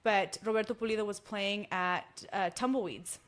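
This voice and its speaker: Texan woman, musician guest, casual chat, lively storyteller who acts out the dialogue. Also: mid-range voice, moderate pace.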